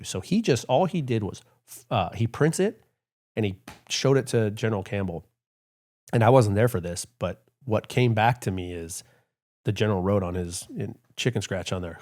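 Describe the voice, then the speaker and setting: A middle-aged man with a fairly low voice tells war-office stories in a loose, chatty interview. He talks with lots of "like" and "you know," slipping into quoted lines of the people in his stories. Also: moderate pace. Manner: animated storyteller, many fillers, acts out quotes. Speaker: retired Air Force colonel, podcast guest. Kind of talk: casual storytelling interview.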